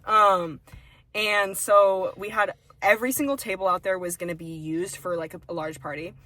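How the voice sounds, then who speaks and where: A young woman co-hosting a casual podcast, telling her stories with lots of swearing and animated, acted-out quotes. Her pitch sits in the middle of the range. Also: moderate pace. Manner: profane, animated storytelling. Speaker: podcast co-host. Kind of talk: casual chat.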